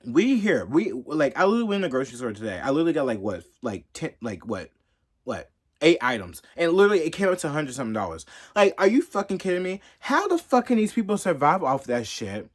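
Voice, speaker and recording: A man's voice: fairly high pitch, big pitch swings, fast. A man ranting angrily and cursing constantly in a casual vlog monologue. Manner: profane, heated, ranting. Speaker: commentator. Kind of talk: angry rant vlog.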